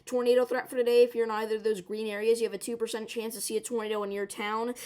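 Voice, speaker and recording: A woman with a hoarse, worn voice giving an urgent, emphatic severe weather forecast, often checking in with the viewer. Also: fairly high pitch, flat delivery, rapid-fire, mellow. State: hoarse, strained voice.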